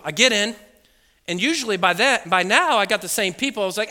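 Male pastor, storytelling sermon, high and sharp voice, reverberant church hall. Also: fast. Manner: animated storytelling, acts out voices and beeps, laughs often. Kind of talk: sermon with a comic personal story. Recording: echoey hall with long reverb.

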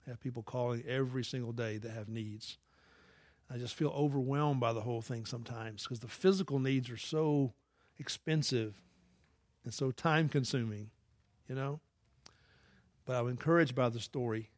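A man's voice: mid-range voice, a little mellow, no echo. A young man preaching a sermon with an earnest, folksy, conversational manner that slides into prayer. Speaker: pastor.

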